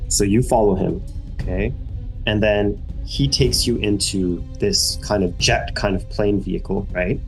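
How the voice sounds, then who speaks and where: A man's voice: fairly low pitch, steady tone, measured pace, vocal fry, faint music behind. A man narrating a tabletop game as game master, casual and rambling with lots of fillers.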